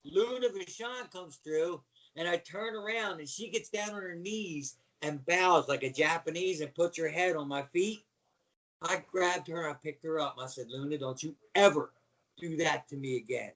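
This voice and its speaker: A middle-aged man, a former wrestler, telling animated stories as a podcast guest and acting out the voices of the people in them. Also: a little high, moderate pace. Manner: animated storyteller acting out voices, yelling and laughing. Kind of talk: storytelling on a podcast.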